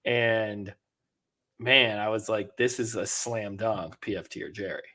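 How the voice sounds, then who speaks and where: A man's voice: on the low side, measured pace. A man co-hosting a podcast, chatting casually about a reality show and acting out what the players said. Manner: animated, acts out quotes from the show. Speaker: podcast co-host. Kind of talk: casual recap chat.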